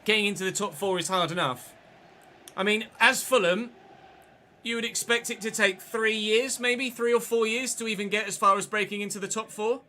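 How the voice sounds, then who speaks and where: Male streamer, high and very bright, chats and swears at the game, faint noise in the background. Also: fairly even intonation, normal speed. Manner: sweary, chatty, answering chat mid-game. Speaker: gaming streamer. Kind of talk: livestream gameplay commentary.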